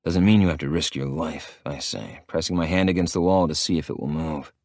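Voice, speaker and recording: A man narrates a first-person audiobook in a gruff, profane way. His voice is very low. The recording is dry and close, with no room echo. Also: brisk, a little mellow.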